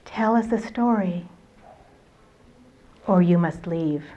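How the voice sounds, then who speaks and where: A woman voicing a wise old male elder who speaks slowly and patiently. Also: on the low side. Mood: stern. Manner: slow, gentle, patient. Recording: dull lo-fi recording.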